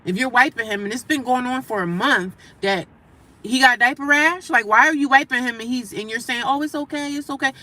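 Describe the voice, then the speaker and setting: A woman livestreaming casual talk from her daily life, animated and emphatic, repeating her points and breaking off to greet passersby. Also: on the high side, a little fast. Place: homeless shelter area.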